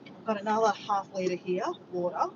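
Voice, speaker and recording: An Australian woman chatting casually and excitably to viewers on a live stream, recorded outdoors on a phone. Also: mid-range voice, moderate pace, dull audio, noisy background. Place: outdoors after a walk.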